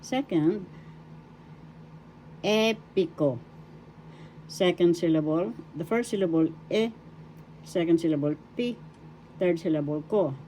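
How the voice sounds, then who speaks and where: An older woman from the Philippines with a Filipino accent, teaching a language lesson slowly and repeating words syllable by syllable. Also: fairly low pitch, dark tone, a little hiss or hum, poor audio. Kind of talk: slow spelled-out pronunciation lesson.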